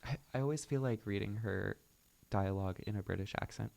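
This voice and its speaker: A man's voice: on the low side, fairly quick, creaky, darkish tone. A man reading a book aloud and chatting about it in musing, self-deprecating asides. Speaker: book reader and commentator. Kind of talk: reading aloud with casual commentary.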